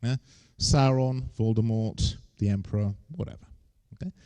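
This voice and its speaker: A man's voice: on the low side, normal speed, mellow. A man, giving a humorous lecture on stage with wry, joking asides. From England.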